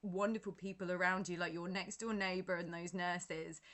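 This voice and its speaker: A woman's voice: on the low side, steady tone, normal speed, a bit bright. A woman hosting an interview, chatty and encouraging, with many fillers as she asks questions. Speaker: host.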